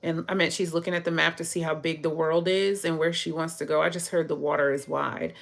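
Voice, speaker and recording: A woman's voice: sits low, fairly even intonation, fairly quick, gravelly. A woman giving a casual tarot reading who talks straight to her viewers, chats freely and laughs often. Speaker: tarot reader.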